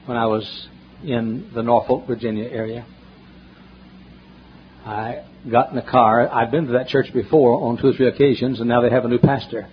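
A man preaching a sermon, telling folksy stories and swinging between loud emphatic questions and hushed asides, in a church. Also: medium pitch, flat delivery, normal speed, slight background noise. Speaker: pastor. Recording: dull lo-fi sermon recording, faint ambience.

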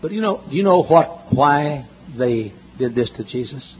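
A man preaching a sermon, telling folksy stories and swinging between loud emphatic questions and hushed asides, in a church. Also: mid-range voice, animated, unhurried, breathy edge. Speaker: pastor. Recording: dull lo-fi sermon recording, faint ambience.

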